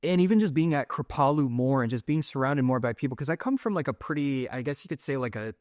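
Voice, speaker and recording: A man's voice: medium pitch, fast talker, a little mellow, no echo. Rambling middle-aged man, dry close sound. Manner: rambling, searching for words with many fillers and restarts. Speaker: podcast host. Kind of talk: casual conversational interview.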